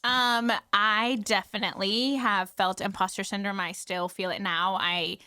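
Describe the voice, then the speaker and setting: A woman hairstylist talks as a podcast guest, chatty and quick to laugh, peppering her speech with "like". Her voice sits at a middle pitch. The sound is dry and close. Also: fairly even intonation, pushed and bright, clean tone, no room sound. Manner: chatty, laughs often, fillers of "like". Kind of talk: casual podcast conversation.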